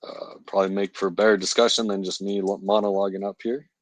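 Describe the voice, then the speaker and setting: A young man chats loosely with his stream audience, laughing between remarks and answering the chat as he goes. He speaks into a phone mic with a lowish voice, and the sound is dry, with little room echo. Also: little pitch movement, quick pace. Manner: chatty, laughs often, reads and answers chat. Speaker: stand-in stream host. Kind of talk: casual live-stream chat. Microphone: phone microphone.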